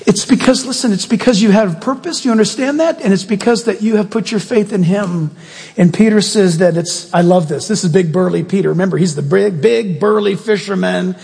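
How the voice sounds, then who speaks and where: Guy preaching, high husky voice, lots of reverb like a big church, jokey and lively. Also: a little fast. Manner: animated, jokey, asks the crowd questions. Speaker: pastor. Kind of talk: sermon.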